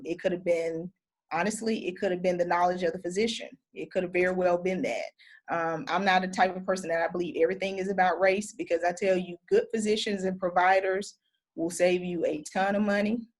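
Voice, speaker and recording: A woman nurse practitioner giving an earnest, conversational lecture with audience questions over a video call, often pausing on "um". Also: fairly low pitch, darkish tone. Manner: earnest, conversational, many "um" fillers.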